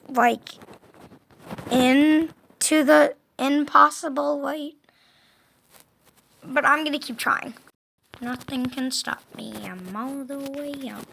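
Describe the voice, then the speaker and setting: A woman giving casual gaming commentary, excitable, yelping and groaning at the game and talking to herself. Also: high voice, creaky, slight background noise. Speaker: gameplay commentator.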